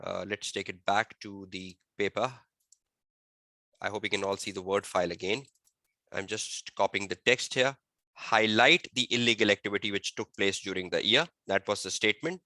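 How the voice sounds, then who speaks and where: A male audit tutor giving an online exam-prep lecture, repeating key phrases and quizzing his listeners, slowing to a dictation pace to state the rules. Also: lowish voice, fairly even intonation, bright, forceful tone, dry recording. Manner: slow dictation-like delivery when stating rules. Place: webinar.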